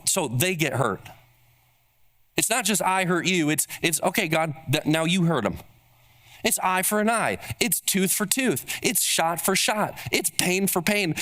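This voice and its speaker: A man's voice: a little high, a bit bright. A man preaching a sermon in church as pastor, emphatic and often putting questions to his listeners. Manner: emphatic, asks the audience questions.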